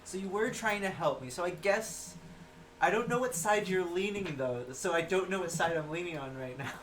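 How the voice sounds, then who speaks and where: Teasing player, lively pitch. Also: moderate pace, a little hiss or hum. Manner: teasing, laughing often. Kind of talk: casual chat at a tabletop game.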